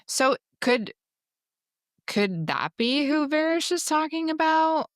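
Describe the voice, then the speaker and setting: A woman's voice: high-pitched, big pitch swings, slow pace, dry recording, clean studio sound. A young woman co-hosting a book podcast in casual chat, hesitant and asking questions. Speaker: podcast co-host.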